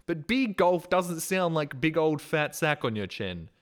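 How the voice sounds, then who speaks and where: Male streamer, casual ranting commentary, unhurried, pitch swings a lot. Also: sing-song. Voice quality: rambly, swearing, laughs often, mock-outraged.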